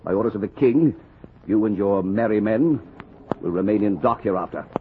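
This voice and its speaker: An actor playing a stern British naval captain who threatens a ship's crew, in old radio drama acting. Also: male voice, fairly low pitch, normal speed, a little hiss or hum, natural voice. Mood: threatening. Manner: cold, threatening. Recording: tinny lo-fi old radio recording.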